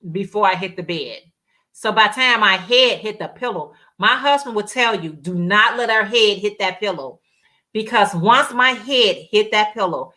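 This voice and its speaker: Bright-voiced woman chatting live. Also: mid-range voice. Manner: rambling, reads viewer comments aloud and laughs often. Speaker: livestream host. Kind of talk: casual live chat.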